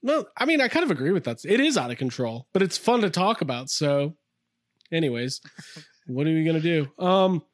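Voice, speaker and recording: A man's voice: a little high, big pitch swings, moderate pace, no echo, studio quality. A man co-hosting a casual chat podcast, rambling, self-interrupting and laughing easily. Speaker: podcast co-host.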